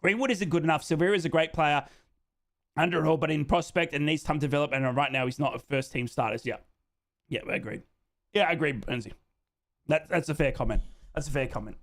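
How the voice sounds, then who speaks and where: A man's voice: a little high, fast, fairly bright tone. An Australian man hosting a live football watchalong, chatting casually and reading out fan comments. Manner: chatty, jokey, repeats himself, says "mate".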